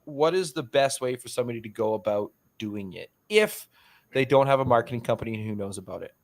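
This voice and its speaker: A man's voice: medium pitch, big pitch swings. A man hosting a podcast, chatting casually with a guest, joking and blunt, with some swearing. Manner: joking, fast, blunt and profane. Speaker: podcast host. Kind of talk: casual interview talk.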